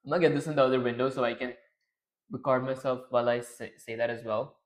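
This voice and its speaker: A man chatting casually on a livestream, rambling, mocking himself and often clearing his throat. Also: mid-range voice. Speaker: streamer.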